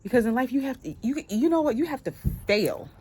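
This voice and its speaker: Blunt, lively woman in her forties. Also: a little high, fairly quick, husky. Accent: Boston. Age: 40s. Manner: blunt, swears freely, lively. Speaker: vlogger. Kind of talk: casual talk to camera.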